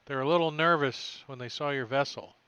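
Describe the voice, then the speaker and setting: A man running a tabletop game as game master, narrating in a relaxed, joking way with many fillers. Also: mid-range voice, brisk, clear, resonant tone, no echo, dull audio.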